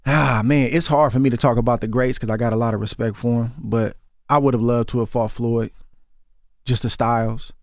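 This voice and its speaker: A man's voice: mid-range voice, fairly even intonation, fairly quick, no room sound. A man in his forties with an Oakland accent, a former boxer speaking as a guest in a radio studio interview, earnest and often repeating words as he builds his point. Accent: Oakland, Bay Area. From Oakland, California. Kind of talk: casual interview conversation. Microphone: studio microphone.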